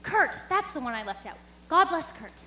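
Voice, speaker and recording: A teenage girl acting a gentle, caring young governess on a school stage, speaking softly and singing a bright yodeling song. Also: sits high, big pitch swings, normal speed, a little hiss or hum, exaggerated voice. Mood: comforting. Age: teens. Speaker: student actor. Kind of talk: stage musical performance. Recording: echoey auditorium with live musical accompaniment.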